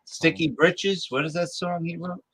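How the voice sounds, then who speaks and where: A man's voice: fairly high pitch, steady tone, normal speed, breathy edge, no room sound, low-quality recording. A man hosting a casual talk show, rambling and sometimes losing his train of thought. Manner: loud playful calls to listeners. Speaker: show host. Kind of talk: casual chat.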